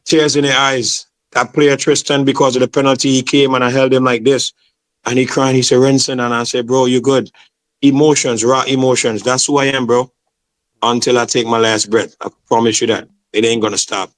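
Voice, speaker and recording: In a casual interview, a guest who promotes football and comes from Saint Vincent speaks with passion and keeps dropping "man" and "bro." His voice is mid-range and level, and he moves at a brisk clip.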